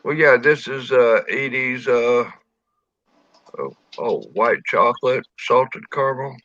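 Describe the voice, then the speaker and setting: A man's voice: medium pitch, takes it slowly, fairly bright tone, no echo. A tipsy man with a rural Missouri accent, rambling through a casual chat with lots of restarts and swearing. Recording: dull lo-fi dry audio.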